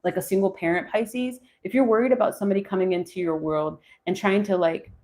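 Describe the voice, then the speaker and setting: A woman in her forties, a tarot reader, thinks aloud between card pulls during a live reading for viewers. Her mid-range voice is steady and darkish, and she talks fast.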